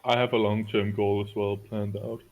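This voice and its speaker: A man's voice: lowish voice, flat delivery, moderate pace, phone-quality sound. A man playing in a tabletop game, chatting casually in a hesitant, mumbling way. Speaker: player.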